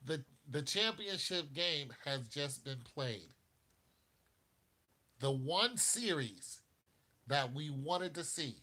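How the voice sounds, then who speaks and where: This is a man hosting casual basketball talk, and his voice is bright and sharp on top. He takes his time, stretching his words at a slow pace. He laughs often and speaks straight to the people watching. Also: on the high side. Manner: animated, laughs often, talks to chat viewers. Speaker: basketball talk show host. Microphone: streaming mic.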